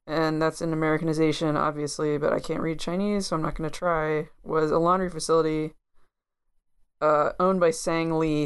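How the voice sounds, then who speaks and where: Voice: mid-range voice, clear, resonant tone. A podcast co-host who chats playfully, laughs easily and explains things at length. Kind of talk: casual chat.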